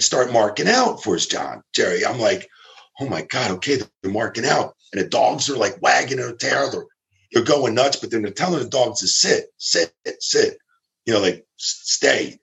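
A man's voice: fairly low pitch, vocal fry, a bit bright. A man casually telling a long story, acting out quotes of the people in it, swearing and laughing as he goes. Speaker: storyteller guest.

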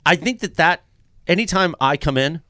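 Radio cohost guy, all over the place with his pitch, dry studio mic. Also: normal speed, dry recording. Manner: animated, rambling storyteller. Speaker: radio show co-host. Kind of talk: casual sports radio banter. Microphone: studio microphone.

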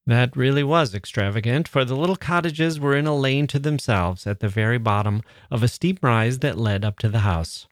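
A man's voice: mid-range voice, animated, no echo. Man narrating a story, dry close sound. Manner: measured, storytelling. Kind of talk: audiobook narration.

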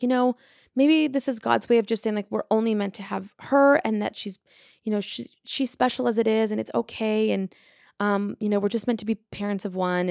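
A woman's voice: mid-range voice, a little mellow, dry recording, clean studio sound. A woman in her thirties hosting a casual personal update, chatty and rambling with many fillers. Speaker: podcast host.

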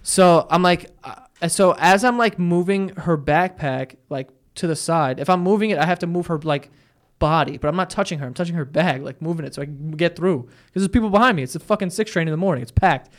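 New guy, pretty high voice, swearing and laughing through his stories on a chill podcast. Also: fairly quick. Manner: animated storyteller, swears a lot, laughs while telling. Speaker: podcast host. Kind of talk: casual chat.

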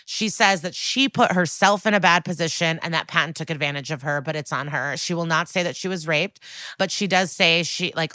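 A woman's voice: low voice, brisk, sharp tone, no room sound. A woman podcast co-host recapping a TV episode in a casual, sardonic, swear-heavy chat. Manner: sardonic, profane, chatty.

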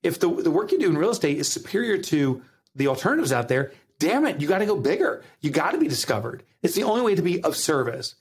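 A man with a New Jersey accent, a guest author on a podcast, telling stories with animated, acted-out quotes. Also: fairly high pitch, quick pace, husky. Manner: animated storytelling, acts out quotes. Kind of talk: podcast interview.

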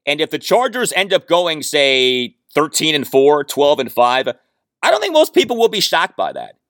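A man's voice: on the high side, wildly swooping pitch, normal speed, fairly bright tone, no echo, clean studio sound. A man hosting a solo sports podcast, giving opinionated, stat-heavy commentary with emphatic punches. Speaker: podcast host.

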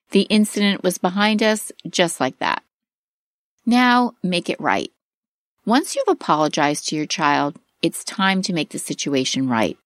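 A middle-aged woman giving scripted instructional narration for a parenting course, with a clear, expressive, advice-giving delivery. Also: on the low side, no echo, studio quality.

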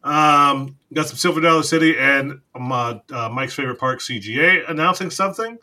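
A man's voice: on the high side, brisk, sharp tone. A man co-hosting a podcast in casual chat, rambling, teasing and laughing often. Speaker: podcast co-host.

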